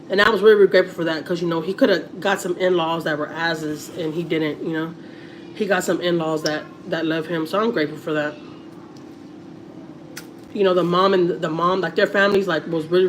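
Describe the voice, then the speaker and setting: A woman's voice: fairly low pitch, slight background noise. A middle-aged woman with a Texas accent chatting casually to viewers on a family livestream, repeating words and using many fillers.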